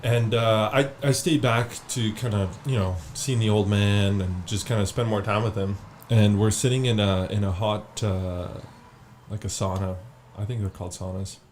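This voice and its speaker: A man's voice: on the low side, steady tone, normal speed, darkish tone, slight background noise. A man guesting on a podcast, telling a rambling story in casual chat and swearing freely.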